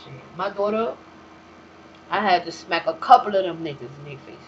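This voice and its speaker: A woman's voice: on the low side, normal speed. Blunt, profane woman storyteller. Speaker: talk show host. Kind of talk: casual monologue. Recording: dull, slightly lo-fi recording with faint hiss.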